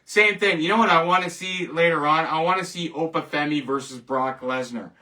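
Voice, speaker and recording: A man's voice: a little high, a little fast, sharp tone, distant mic. A man hosting a casual solo show, rambling, joking and laughing at his own jokes. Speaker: host. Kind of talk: casual solo wrestling commentary.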